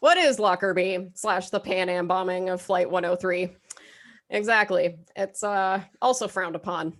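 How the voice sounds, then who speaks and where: A woman's voice: lowish voice, measured pace, a bit bright. An American woman hosting a live comedy game show, reading clues and laughing through profane, joking asides. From United States.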